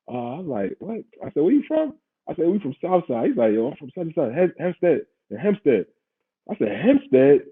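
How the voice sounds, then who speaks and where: Very animated and a little fast, a slightly high male voice tells a story in laid-back, slangy podcast style, breaking into laughter often. The speaker, a former pro football player and podcast host from Queens with a New York accent, sounds husky over a tinny, phone-like line.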